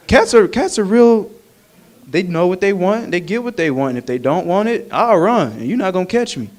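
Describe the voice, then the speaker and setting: A male minister preaching a sermon in an animated, humorous, conversational way. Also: sits high, normal speed.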